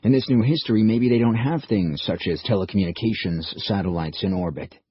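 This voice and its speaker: A man doing a quiet, measured older man. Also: fairly low pitch, husky, dry recording. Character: older man, calm and thoughtful. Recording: muffled dull recording.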